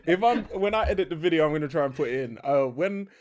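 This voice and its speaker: A man's voice: on the high side, animated, fast talker, a little mellow. A young man co-hosting a casual podcast chat, rambling, correcting himself and laughing often. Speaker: podcast co-host.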